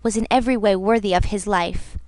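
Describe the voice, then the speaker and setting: A woman voicing a weary male seaman who speaks slowly, in a shaky, muffled way, in an audiobook reading. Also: mid-range voice, steady tone, darkish tone, no room sound, lightly acted. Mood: grave. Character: weary male seaman, grave and guilt-burdened.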